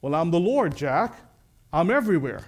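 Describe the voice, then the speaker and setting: A man voicing God as a calm, patient voice that gives steady, gentle commands. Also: a little high, moderate pace.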